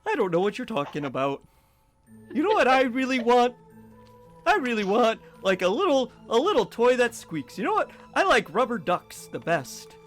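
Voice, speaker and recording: A man voicing a giddy, playful male dog who gushes about squeaky toys. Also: normal speed, soft background music, heavily acted. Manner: excited, high and bubbly.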